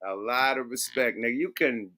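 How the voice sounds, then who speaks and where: A man co-hosting a casual talk show, profane and loud, acting out others' voices. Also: normal speed. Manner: loud, profane, acts out voices with big pitch jumps. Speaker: podcast co-host. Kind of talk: casual chat.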